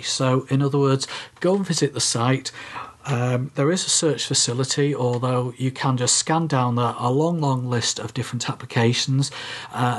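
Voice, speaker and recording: A man co-hosting a casual tech podcast walks through things step by step, with lots of ums and uhs. His voice is medium in pitch with a breathy edge.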